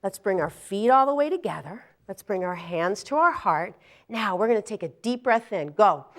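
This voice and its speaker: A young woman with a mid-range voice and lively intonation leads a children's yoga class on a TV show at a moderate pace. Playful and encouraging, she sings and counts along with the kids.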